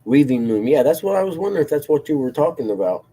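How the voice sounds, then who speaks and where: A man's voice: fairly high pitch, sing-song, fast talker, dark tone. A man hosting a livestream, chatting casually with viewers in a rambling, self-deprecating way and chuckling often. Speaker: livestream host reading chat. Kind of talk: casual chat.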